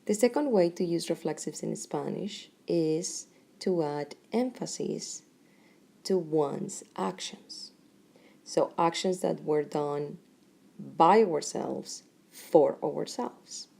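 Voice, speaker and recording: A middle-aged woman teaching a Spanish grammar lesson in English, speaking deliberately in short phrases with pauses between them. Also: low-pitched, gravelly, dark tone, breathy edge.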